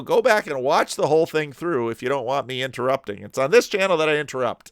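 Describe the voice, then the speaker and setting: A man pausing a video to comment on it, rambling and restarting his sentences often. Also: on the high side, big pitch swings, clear, resonant tone, dry recording, studio quality. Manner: digressive, frequent restarts and repeated words.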